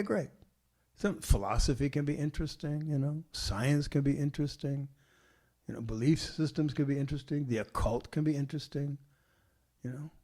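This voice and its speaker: A man's voice: medium pitch, a little mellow. An older man hosting his podcast, teaching in a casual, conversational way and checking in with "see?" and "you know" as he goes. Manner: casual and blunt, laughs easily. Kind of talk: informal spoken teaching.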